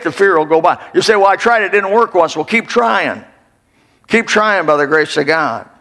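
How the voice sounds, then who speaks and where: An older man, a pastor, preaching a fervent sermon and rising to sudden shouts. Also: high voice. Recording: long hall reverb.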